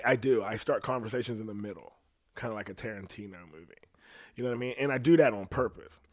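A man hosting a podcast, ranting in a rambling, profane casual monologue, a little jittery from coffee. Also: fairly low pitch. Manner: profane, rambling, quotes others in voices. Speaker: podcast host.

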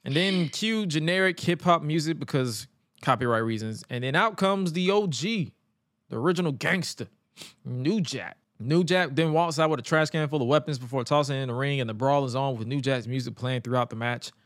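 A man co-hosting a podcast and recapping wrestling in a casual, animated way. He stammers and acts out quotes. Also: mid-range voice, brisk, no echo, clean studio sound. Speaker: podcast co-host.

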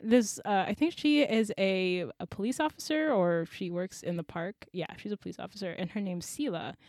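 A woman hosting a casual book chat, telling a story in an animated way with frequent laughs. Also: mid-range voice, normal speed, no room sound.

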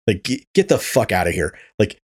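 A man's voice: on the low side, sing-song, fairly quick, darkish tone, slightly rough. A man hosting a podcast, ranting in casual chat, swearing freely and stumbling over repeated words. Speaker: podcast host.

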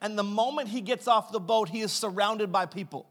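A pastor telling funny family stories in a sermon, recorded in a church sanctuary. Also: male voice, sits high, brisk, a bit bright. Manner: humorous anecdotal storytelling.

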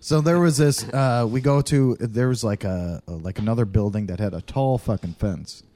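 A man's voice: on the low side, moderate pace, warm tone. A man co-hosting a podcast, telling a rowdy story in casual chat, swearing often and laughing through it. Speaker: podcast co-host.

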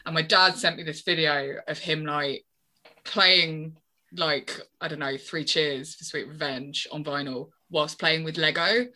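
A woman's voice: sits low, fairly even intonation, unhurried, pushed and bright. A woman chatting casually as a podcast co-host, laughing often and swearing freely. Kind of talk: casual chat.

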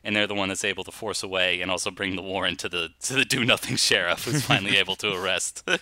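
Man, podcast co-host, deep voice, bright edge, dry sound, halting casual talk. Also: fairly even intonation, dry recording. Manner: halting, many restarts and fillers, chuckling. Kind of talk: casual film discussion.

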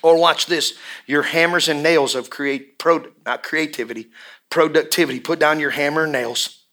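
Bright-voiced impassioned preacher man. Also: a little high, steady tone. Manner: impassioned, swings from hushed to shouting; drawn-out emphatic repetitions. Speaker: pastor. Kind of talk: sermon.

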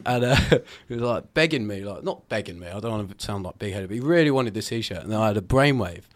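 A man's voice: on the low side, animated. A man from a band telling a rambling anecdote in casual chat. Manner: quick, rambling storyteller. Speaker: band member.

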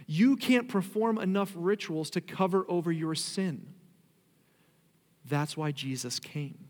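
In his sermon, a pastor with a slightly high, darkish male voice shifts from a conversational manner to emphatic, drawn-out declarations. He stands at the front of a church, and the sanctuary's long hall reverb carries his words.

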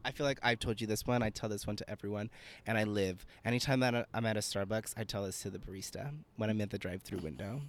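A man's voice: on the low side, steady tone, fast, slight background noise. A man co-hosting a podcast in casual chat, playful and jokey, telling dad jokes with exaggerated delivery. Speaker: podcast co-host.

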